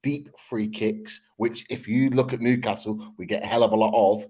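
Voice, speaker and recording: Low-ish male panelist, measured point-by-point football talk, casual fan podcast. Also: fairly even intonation, mellow, breathy edge. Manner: measured, explains point by point with fillers.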